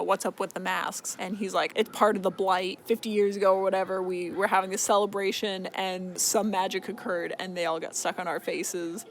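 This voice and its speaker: A young woman casually recapping a fantasy novel, chatty and swearing freely, quickly slipping into the characters' lines. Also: mid-range voice, slight background noise. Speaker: book recap vlogger.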